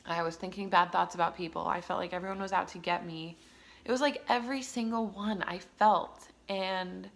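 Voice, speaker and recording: A woman's voice: fairly low pitch, creaky, a bit bright. A young woman, a mother, talking candidly to camera in a personal vlog, rambling with many fillers. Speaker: mother sharing her story.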